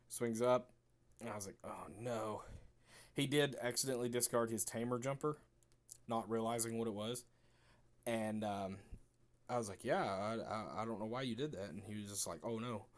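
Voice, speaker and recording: A young man casually recapping a card game match, chatty and relaxed, acting out both players' remarks. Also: on the low side. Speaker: card game video creator.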